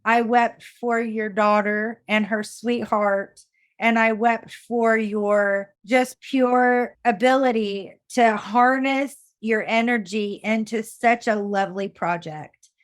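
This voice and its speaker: A woman hosting a podcast interview, warm-hearted and chatty, often restarting her sentences. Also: a little high, steady tone, slow, no room sound, studio quality. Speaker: podcast host.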